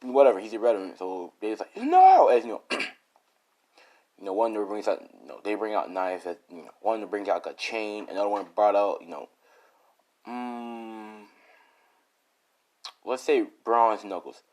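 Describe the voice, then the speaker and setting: A man with a fairly low voice improvises a fan story out loud in a loose, casual way. He rambles, backtracks and corrects his own details as he goes. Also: normal speed, pauses often.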